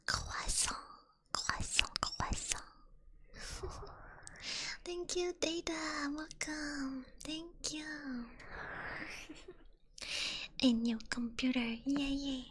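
A woman with a French accent, a native French speaker, chatting as an ASMR streamer in a soft, giggly whisper with drawn-out words. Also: sits high, a little hiss or hum.

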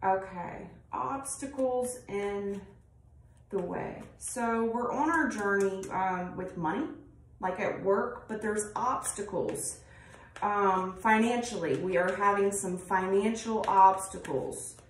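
In this roomy recording, made with a distant mic and some faint background noise, a woman with a mid-range voice gives a casual tarot reading. She speaks slowly, rambling and blunt, and swears often.

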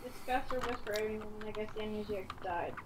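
A woman's voice: mid-range voice, very fast, heavy background noise. A woman chatting and teasing her friends while playing an online game. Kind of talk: casual gameplay chat.

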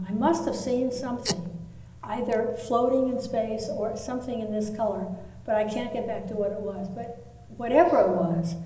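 A woman artist telling a long story in a live talk, pausing often with fillers. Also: fairly high pitch, mellow. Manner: anecdotal, with pauses and fillers. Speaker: artist interviewee. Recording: echoey hall, mic from far off, faint ambience.

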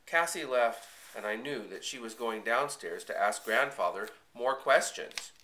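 Male audiobook reader; expressive first-person storybook narration, bright tone. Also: medium pitch, unhurried, a little hiss or hum. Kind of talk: storybook reading.

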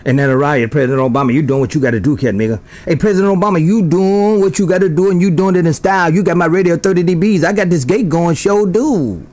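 A man's voice: a little high, fast, few pauses, a little mellow. A man chatting over a CB radio, calling out in a sing-song, rhyming patter with catchphrase sign-offs. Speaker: CB radio operator.

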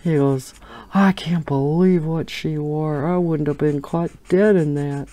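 Middle-aged lady chatting while she colors, slow easygoing talk, keeps laughing. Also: deep voice, fairly even intonation, mellow. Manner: chatty storytelling, laughs often. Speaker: coloring channel host. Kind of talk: casual chat while coloring.

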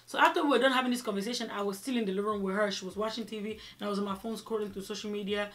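A woman vlogger telling a personal story in a chatty, animated way, with many fillers. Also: mid-range voice, rapid-fire. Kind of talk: casual storytelling.

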